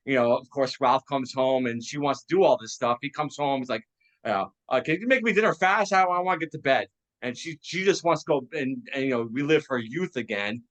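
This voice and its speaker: A man's voice: mid-range voice, fairly bright tone, rough recording. A man hosting a casual chat about an old TV show, enthusiastic and laughing often, with many fillers. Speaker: podcast host.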